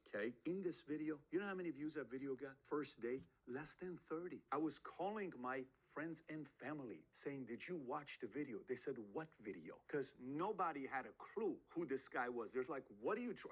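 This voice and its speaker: A husky-voiced man talks quickly through motivational advice. He fires off rhetorical questions and acts out the voices of the people he quotes. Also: mid-range voice, rough recording. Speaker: podcast host giving advice. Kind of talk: motivational talk.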